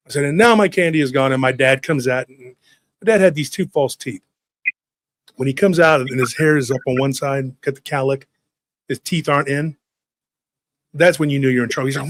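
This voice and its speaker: A man in his forties casually telling a lively childhood story, acting out family members' voices along the way. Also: mid-range voice, brisk, no room sound.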